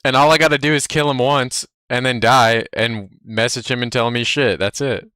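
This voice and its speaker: A man's voice: medium pitch, steady tone, normal speed, sharp tone, clean tone, no room sound, clean studio sound. A man streaming live, chatting casually in a brash, profane, cocky way. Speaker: livestreamer.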